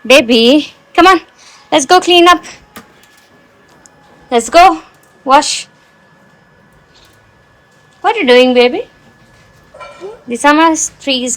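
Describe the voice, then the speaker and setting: Young indian mom vlogging on her phone, high voice, chatty, keeps coaxing her little one. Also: low-quality recording. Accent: Indian English. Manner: chatty, coaxing her toddler, asides to viewers. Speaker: vlogger and mother. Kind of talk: casual home vlog.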